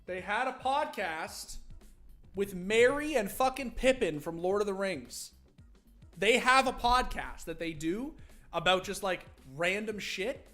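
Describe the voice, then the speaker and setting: A man's voice: high-pitched, a bit bright. A man hosting a livestream watch party, talking casually to his chat in a rambling, freely swearing way.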